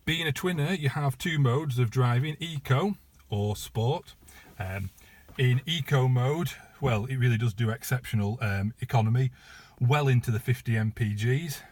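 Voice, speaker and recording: A man's voice: mid-range voice, normal speed, darkish tone. Chatty British man showing a car. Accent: British English. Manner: chatty, filler-heavy, informal. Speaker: private car seller. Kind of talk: casual walkaround video. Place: inside a parked car.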